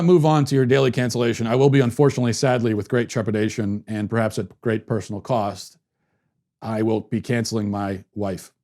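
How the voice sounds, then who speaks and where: A man in his thirties hosting a commentary show, telling a story at home in a sarcastic, deadpan way and keeping his voice down. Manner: lowers his voice to keep quiet at home. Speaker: podcast host. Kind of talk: opinion commentary monologue.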